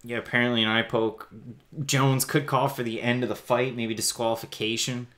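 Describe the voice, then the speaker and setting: A man co-hosting a live fight watch-along, giving steady play-by-play and speaking to the viewers. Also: mid-range voice, normal speed. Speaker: co-host.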